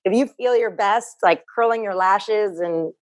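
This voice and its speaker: A woman's voice: medium pitch, unhurried. A woman in her thirties, a guest on a podcast, talking earnestly and reflectively in casual chat. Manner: earnest, reflective, repeats herself. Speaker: guest, fitness business owner.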